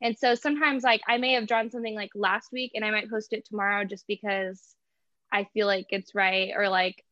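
A woman's voice: mid-range voice, steady tone, a little fast, sharp tone, dry recording. Woman, young, casual interview guest, lots of fillers, dull lo-fi audio. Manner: chatty, laughs often, many "like" and "you know" fillers. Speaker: guest, artist and small business owner.

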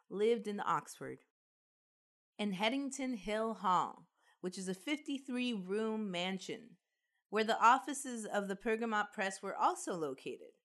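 Woman cohosting a podcast, chatty, lots of um and like, middle pitch. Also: fairly bright tone. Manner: chatty, frequent "like" and "um", laughs easily. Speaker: podcast co-host. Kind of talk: casual chat, reading researched notes.

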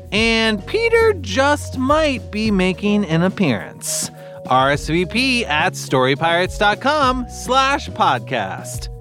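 A man's voice: high-pitched, fairly bright tone. Guy reading podcast announcements, upbeat, bouncy delivery, some music behind. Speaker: podcast host.

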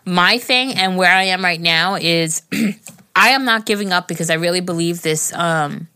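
A woman's voice: on the low side, normal speed, pushed and bright, clean tone, dry recording. A middle-aged woman, tipsy and slurring slightly, talking candidly and emotionally as a podcast co-host. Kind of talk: casual chat.

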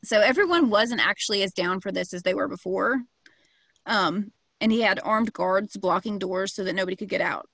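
A woman's voice: mid-range voice, a bit bright, no room sound. A woman casually telling a true crime story to a co-host, full of fillers and slang. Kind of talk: casual chat.

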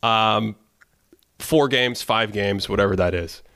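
A man's voice: lowish voice, slow, a bit bright, no room sound, clean studio sound. A man hosting a casual basketball podcast, who reads out stats and laughs between his points. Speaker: podcast host.

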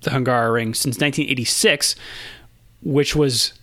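A man hosting a casual podcast chat, relaxed, laughing easily and filling pauses with ums and uhs. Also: medium pitch, dry recording. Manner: relaxed, laughs often, many fillers. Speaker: podcast host.

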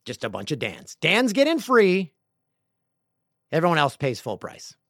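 A middle-aged man hosting a casual podcast, reading listener emails aloud with playful, jokey, rambling asides that swing between loud bursts and quiet mutters. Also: a little high, wildly swooping pitch, measured pace, dry recording, clean studio sound. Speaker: podcast host.

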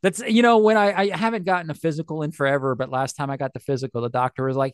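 A man's voice: on the high side, fairly even intonation, rapid-fire, hardly any pauses, clean tone, no echo, studio quality. A man co-hosting a collectibles podcast in casual chat, joking and laughing often. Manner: jokey, laughs often, slips into silly impressions. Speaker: podcast co-host.

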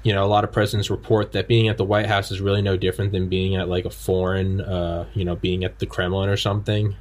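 A low-pitched man hosts a casual podcast interview. He tells stories in a loose, rambling, animated way, full of fillers and restarts. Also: fast. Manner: rambling, animated storytelling with frequent filler words. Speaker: podcast host.

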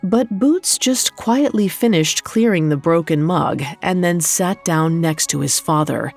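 Woman storyteller, low voice, steady scripted narration over faint music. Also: unhurried, creaky.

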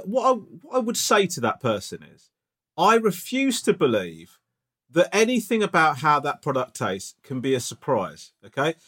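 A man's voice: high-pitched, fairly bright tone. A man co-hosting a podcast, chatting casually and teasing his friend with jokey banter. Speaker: podcast co-host. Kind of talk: casual comedic chat.

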